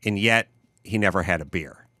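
Joking man with a bright voice. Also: low voice, moderate pace, dry recording. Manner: joking, rambling storyteller. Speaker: podcast host. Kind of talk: casual chat.

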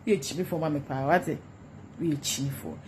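A woman's voice: sits low, a little fast, darkish tone, a little hiss or hum. A Ghanaian woman ranting in a gossip vlog, repeating insults and taunts in a mocking tone. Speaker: social media commentator.

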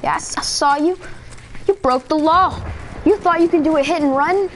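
A man voicing a bossy, self-important male police officer during gameplay commentary, scolding in a pompous rapid-fire way and straining his throat. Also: extremely high pitch, fairly bright tone, a little hiss or hum.

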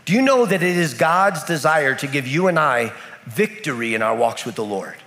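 A pastor from the United States preaches in a church hall, with his voice swinging widely in pitch. He tells his story with lots of repetition. Long reverb trails after every phrase. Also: lively intonation, moderate pace, a bit bright. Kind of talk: sermon. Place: church in Kenya.

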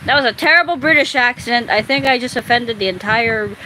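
A woman's voice: fairly high pitch, brisk. Young woman streamer, giggly rambler, noisy background. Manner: giggly, rambling, swears a lot. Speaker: streamer chatting with friends. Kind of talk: casual chat.

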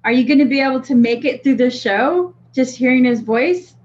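A woman's voice: sits high, moderate pace, a little mellow. A woman co-hosting a livestream in casual chat, teasing and playful. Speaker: co-host of a vaping livestream. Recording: dull lo-fi audio with faint noise.

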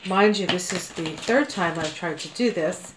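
A woman's voice: fairly low pitch, moderate pace, very noisy. Chatty woman reading cards in an echoey room. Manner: chatty, meandering, with frequent fillers and laughs. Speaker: card reader. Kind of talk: casual tarot-style card reading. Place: home room.

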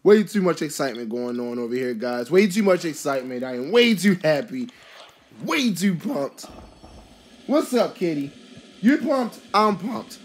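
A vlogger commentating a card pack opening in a casual, excitable way, with frequent exclamations and rambling asides full of fillers. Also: mid-range voice, normal speed. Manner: rambling, filler-heavy musing.

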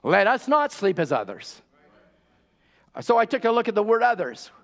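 High-voiced preacher man, urgent and exhorting. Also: big pitch swings, moderate pace, fairly bright tone. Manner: urgent, repeats key words for emphasis; rhetorical questions, exhorting the congregation as saints. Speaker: pastor. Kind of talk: sermon.

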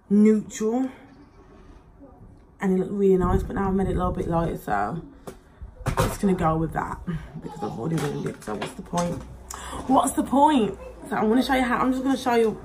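A young woman talks casually into a close camera while she does her makeup. Her voice sits at an ordinary middle pitch, and her delivery is loose and rambling, full of likes and ums. A faint noise hums behind her. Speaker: beauty vlogger. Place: at home.

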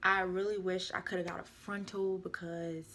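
A woman's voice: on the low side, little pitch movement, moderate pace, bright, forceful tone. A young woman vlogger chatting casually and rambling through a product update, often correcting herself. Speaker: beauty vlogger. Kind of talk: casual product review chat.

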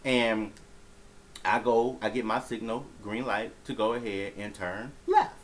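Low-voiced man telling a rambling story. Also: fairly even intonation, unhurried, slight background noise, poor audio. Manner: rambling, profane, many fillers and restarts. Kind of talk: casual storytelling vlog.

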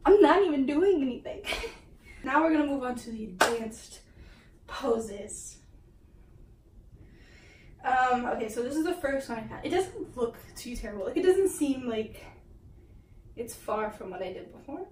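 Giggly high-voiced woman in an echoey room. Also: expressive, unhurried, pauses often. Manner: giggly, self-mocking, laughs often. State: out of breath. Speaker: vlogger. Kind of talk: casual vlog. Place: her mom's bedroom. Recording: roomy, distant, faint hiss.

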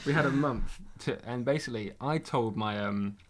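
A man's voice: medium pitch, moderate pace, a loud crowd. A young man telling travel stories as a podcast guest. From Britain. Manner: animated anecdote-telling. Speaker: podcast guest, round-the-world scooter traveller. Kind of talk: casual interview storytelling.

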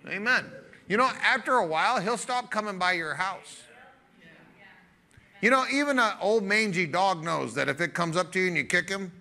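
A male pastor preaching a sermon in an energetic, joking and emphatic conversational way. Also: high voice, moderate pace, creaky.

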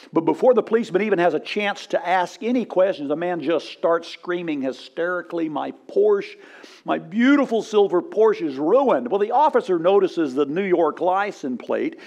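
Man preaching a humorous sermon. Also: sits high. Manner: storytelling with humor, rising to loud punchlines; asks congregation for responses. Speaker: pastor.

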